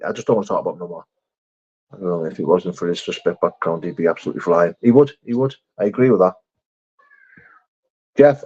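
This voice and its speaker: A man's voice: on the low side, warm tone, breathy edge. A man hosting a casual live stream, reading viewer comments aloud and answering them with frank, sweary chat. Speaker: livestream host. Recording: slightly dull lo-fi stream audio.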